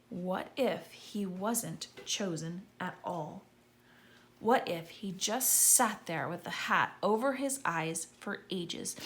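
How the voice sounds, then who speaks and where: A woman reading a children's story aloud, calling out names with gusto. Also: mid-range voice. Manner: lively, calling out names loudly. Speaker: audiobook reader.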